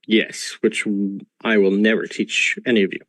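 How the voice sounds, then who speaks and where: A man lectures his players as a school professor, slowly and patiently, filling pauses with ums. His voice sits in the middle range for a man. The sound is dry and close, picked up over a video call. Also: on the low side, little pitch movement, no room sound. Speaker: game master playing a professor. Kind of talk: narrating a tabletop game over a video call.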